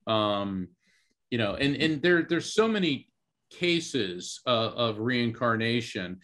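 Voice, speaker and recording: A man's voice: medium pitch, big pitch swings, takes it slowly, fairly bright tone. A middle-aged man, a guest speaker, explaining in casual talk with lots of fillers and restarts. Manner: rambling, many fillers and restarts.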